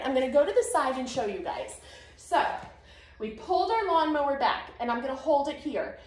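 A fitness instructor in her thirties, with a high voice, leads a low-impact arm workout, counting reps in an upbeat, encouraging way. She's a little out of breath, and her voice echoes around a home garage.

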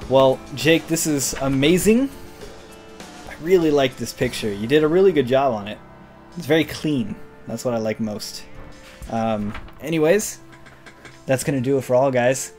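A man hosting a casual fan mail video, rambling and self-deprecating, trailing off quietly at times. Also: medium pitch, normal speed, pauses often, soft background music. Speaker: channel host. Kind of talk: casual fanmail reading.

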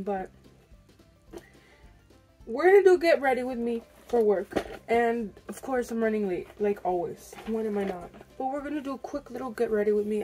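High-voiced young woman ranting casually. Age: young adult. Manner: rambling, exasperated storytelling with frequent swearing. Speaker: vlogger. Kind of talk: casual get-ready-with-me vlog chat. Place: home, indoors.

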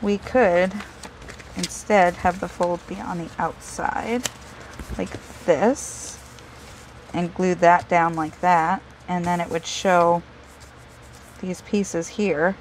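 Woman, craft vlogger, lower voice, rambling and self-deprecating, thinks out loud as she works. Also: fairly even intonation, slow, pauses often, slight background noise, low-quality recording. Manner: chatty, self-deprecating, talks to herself while working. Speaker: craft video host. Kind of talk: casual crafting tutorial.

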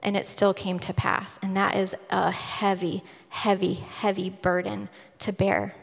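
A woman's voice: medium pitch, flat delivery, a little slow, vocal fry. Woman preaching with church hall reverb. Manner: conversational storytelling sermon, voices quoted figures casually. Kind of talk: sermon. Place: church sanctuary.

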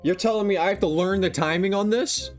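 A man's voice: sits high, fairly quick. Young guy yapping over his gameplay, jumpy and self-roasting, bit of music under it. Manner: excitable, self-mocking, yelps when failing. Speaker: gaming YouTuber. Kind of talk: casual gameplay commentary. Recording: faint music behind.

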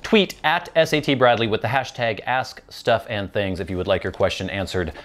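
A man's voice: lowish voice, moderate pace, fairly bright tone. A man from the Pacific Northwest hosting his show, chatting casually and self-deprecatingly while smoking a pipe. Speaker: host.

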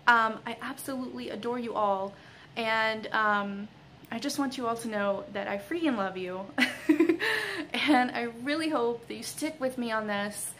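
A woman's voice: on the high side, expressive, unhurried, fairly bright tone, a little hiss or hum, rough recording. A young woman, an author, talks casually to her fans in a vlog, gushing and giggly with lots of ums and likes. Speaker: author and vlogger.

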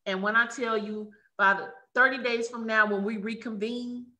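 A woman hosting a live webinar over a video call, excited and effusive, with many restarts. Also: fairly high pitch, moderate pace. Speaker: webinar host.

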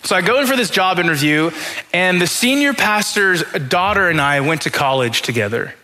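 Young pastor with a high, bright voice. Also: male voice, expressive, moderate pace. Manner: humorous self-deprecating storytelling; acts out his own inner voice in quotes. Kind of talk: sermon.

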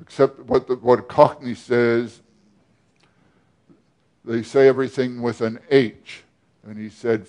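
A male pastor delivers a sermon at an unhurried, deliberate pace. He keeps turning to the congregation with questions and pauses between phrases, in a voice of ordinary pitch. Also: steady tone, a little mellow.

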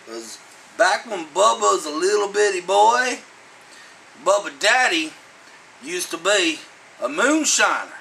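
A man's voice: high-pitched, sing-song, slow pace, vocal fry, pauses often, sharp tone, slight background noise, voice pushed up, full character voice, rough recording. A man playing Bubba, a simple jailbird. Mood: scheming. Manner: talks about himself in third person. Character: dim-witted jailed Southern man Bubba.

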